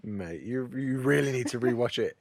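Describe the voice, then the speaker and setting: A man's voice: medium pitch, lively intonation, moderate pace, no room sound. A man co-hosting a podcast, chatting casually and animatedly about a film, swearing and laughing often. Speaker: podcast co-host. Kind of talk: casual film review chat.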